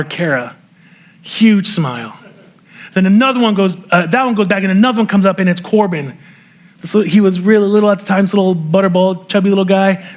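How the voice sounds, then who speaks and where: A pastor giving an earnest testimony in a sermon, telling a personal story with light laughs and frequent restarts. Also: male voice, sits high. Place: church sanctuary.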